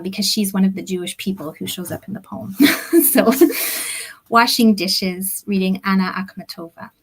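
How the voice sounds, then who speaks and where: Slow, deliberate woman reading poetry. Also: medium pitch, low-quality recording. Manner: slow, deliberate reading that drops at times into soft, near-whispered phrases. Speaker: poet reading her own work. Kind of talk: poetry reading at a book launch. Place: home, on a video call. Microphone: computer or headset mic on a video call.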